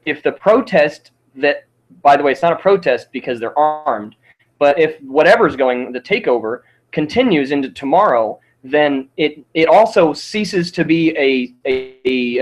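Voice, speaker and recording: A man co-hosting a casual political debate podcast, talking in a measured way, rephrasing and summarizing, with some casual swearing. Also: a little high, rough recording. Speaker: podcast co-host.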